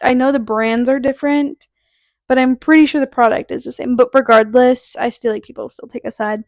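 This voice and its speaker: Chatty high-voiced young woman telling stories. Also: darkish tone, dry recording, clean studio sound. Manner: chatty, rambling, full of "like" and quoted dialogue. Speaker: podcast host. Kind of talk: casual storytelling monologue.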